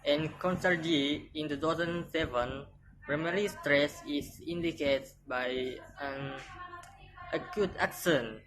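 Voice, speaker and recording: Low-voiced woman reading phonetics slowly. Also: a little hiss or hum, poor audio. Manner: slow, careful reading with repeated words. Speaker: student presenter. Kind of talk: reading a phonetics lesson aloud.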